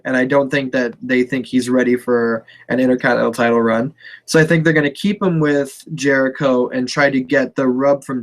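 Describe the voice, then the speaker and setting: A man co-hosting a casual wrestling podcast, relaxed and profane, laughing easily. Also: medium pitch. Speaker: podcast co-host.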